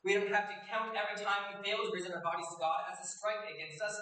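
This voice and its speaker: A man preaching a sermon in a church, earnest and emphatic, slowing down to stress key phrases. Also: high-pitched, fairly even intonation, pushed and bright, very echoey, recorded from a distance, slight background noise, low-quality recording.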